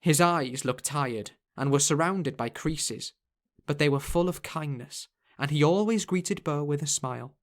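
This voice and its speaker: A man reading a fantasy novel aloud in measured, scripted storytelling. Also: fairly high pitch. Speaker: audiobook narrator. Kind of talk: scripted narration.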